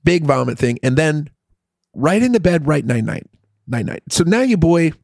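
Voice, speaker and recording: Profane, animated middle-aged male storyteller. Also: fairly high pitch, normal speed, vocal fry, no room sound, clean studio sound. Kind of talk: casual chat, storytelling.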